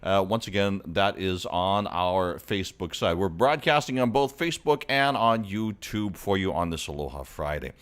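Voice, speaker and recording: A man's voice: sits low, animated, moderate pace, few pauses, fairly bright tone, clean tone. A man hosting a casual live entertainment stream, upbeat and chatty as he greets viewers by name. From Hawaii.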